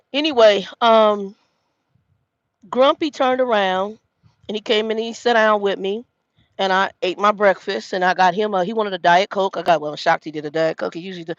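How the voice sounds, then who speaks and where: Woman vlogger, gravelly voice, dry dull self-filmed sound, rambling and cussing. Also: medium pitch, no echo. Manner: rambling, profane, many restarts. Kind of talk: casual storytime monologue. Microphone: self-filmed camera.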